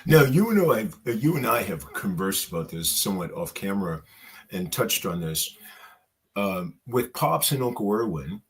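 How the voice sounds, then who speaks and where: A man interviewing a guest, asking thoughtful questions in a halting, casual way. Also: on the low side, sing-song, husky. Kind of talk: conversational interview.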